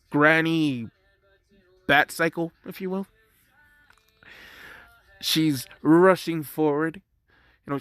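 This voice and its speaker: A man's voice: fairly high pitch, a bit bright, dry recording. Rambling man telling a fan story. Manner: rambling, self-correcting, swears freely. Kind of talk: casual story narration.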